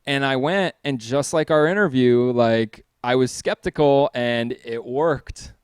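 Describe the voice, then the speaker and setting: A man co-hosts a casual chat with a smooth, resonant voice, rambling and swearing freely as he retells stories. The sound is dry and close. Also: mid-range voice, unhurried, no echo. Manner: rambling, profane, animated retelling. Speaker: co-host.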